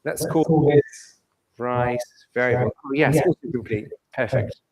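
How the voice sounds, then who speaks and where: A man gives a live software demo at a meetup. He talks casually as he clicks through and asks the room for thoughts. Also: medium pitch, a little slow, low-quality recording. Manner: relaxed and chatty, asks the room questions. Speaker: presenter at a community meetup. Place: meeting room in front of an audience.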